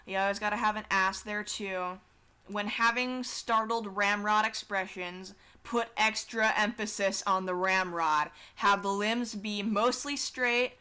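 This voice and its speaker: A young woman casually rambling through a drawing tutorial in a chatty, offhand way, slowing down to stress her points. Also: medium pitch, sharp tone, clean tone. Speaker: art vlogger.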